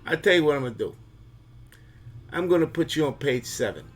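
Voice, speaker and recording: A man's voice: fairly high pitch, animated, a little fast, faint music behind, voice pushed up, lightly acted. A man voicing a demanding, threatening male mob-boss godfather who repeats his orders. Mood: bossy.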